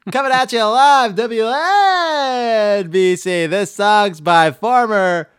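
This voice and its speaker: A man's voice: high voice, slow pace, clean tone, no room sound, studio quality, pitched above the performer's own voice. A man doing a brassy radio DJ. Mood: upbeat. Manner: bright announcer patter. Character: brassy male radio DJ, upbeat and showy.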